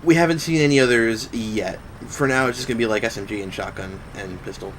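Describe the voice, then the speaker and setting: A man's voice: medium pitch, quick pace, a little hiss or hum, rough recording. Laid-back swearing gamer guy. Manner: laid-back, swears casually, explains game mechanics. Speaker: gamer playing the game. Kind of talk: casual let's play commentary.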